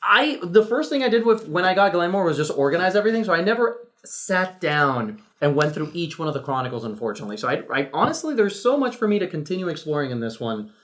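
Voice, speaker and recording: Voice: medium pitch, big pitch swings, fast, few pauses, fairly bright tone. A chatty, curious co-host talks through a board game unboxing in a mid-range voice. The tone is teasing and casual.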